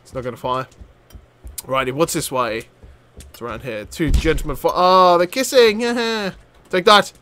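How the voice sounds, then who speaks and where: A man commentating his own gameplay, excitable and chatty, shouting at enemies and laughing often. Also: on the high side, unhurried, pauses often, a little hiss or hum. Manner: excitable, loud outbursts and swearing, frequent laughter; chatty, talks to enemies on screen. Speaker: gaming channel host. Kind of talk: let's play commentary.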